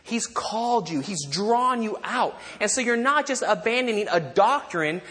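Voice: medium pitch, animated, normal speed, fairly bright tone. A pastor delivering a sermon in a loose, conversational manner. Jokes and side remarks aimed at the congregation break up the teaching, and key lines get repeated together. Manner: conversational, joking asides to the congregation; leads call-and-response repetition.

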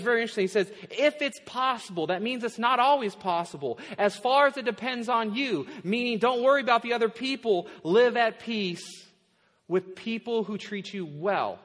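A man with a high voice delivers a sermon as pastor in a church. He talks in a relaxed, conversational way and laughs often while he preaches. His voice rings out with a long reverb from the hall. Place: church sanctuary.

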